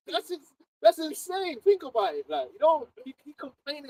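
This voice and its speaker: A man with a London accent, preaching and chatting in an animated group talk, often laughing and mimicking others. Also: extremely high pitch, a little fast, dry recording, low-quality recording. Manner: animated, laughing, mocking voices. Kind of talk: casual group discussion.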